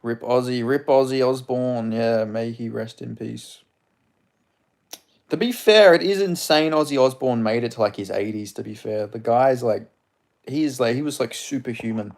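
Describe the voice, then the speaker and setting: A man's voice: medium pitch, moderate pace, vocal fry. A man from Perth with an Australian accent, hosting a live stream in a rambling, crude, casual way while greeting chatters by name. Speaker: livestream host.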